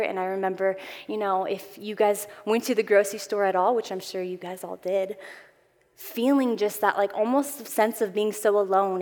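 A woman giving an earnest Bible teaching to a women's group, swelling for emphasis and dropping to soft asides. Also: medium pitch. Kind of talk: sermon. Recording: long hall reverb.

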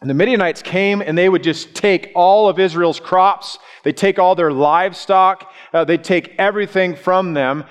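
A male preacher delivering a sermon, telling the story with animated acted-out voices. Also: high voice, normal speed, few pauses, clean tone. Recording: long reverb in a large hall.

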